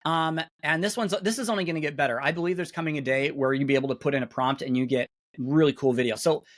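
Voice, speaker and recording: A middle-aged man, a webinar guest speaker, casually walking through software on a shared screen, chatty and full of fillers and restarts, talking into a computer mic on a video call. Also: on the high side, fast. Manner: chatty, self-interrupting, many fillers.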